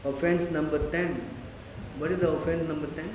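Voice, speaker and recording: A man giving a lively spiritual lecture, full of rhetorical questions. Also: a little high, moderate pace. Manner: animated, rhetorical questions, mimics listeners. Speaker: spiritual teacher. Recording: echoey hall, faint noise.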